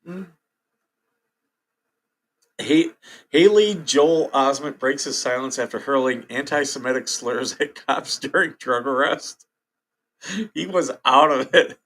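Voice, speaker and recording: This host talks slowly, with long pauses, in a mid-range, slightly bright voice. Though he has hiccups, he keeps his casual livestream going, chatting with viewers, reading headlines, and reacting with plenty of laughter.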